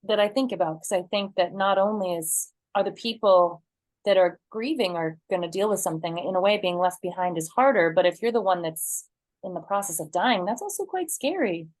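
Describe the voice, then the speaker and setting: A woman's voice: mid-range voice, lively intonation, a little fast, no room sound. A woman guest from Northern California tells personal stories in a casual interview. Her delivery is earnest and wandering. The recording is close and dry, with no room around her voice. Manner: earnest, rambling personal storytelling. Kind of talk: casual conversation.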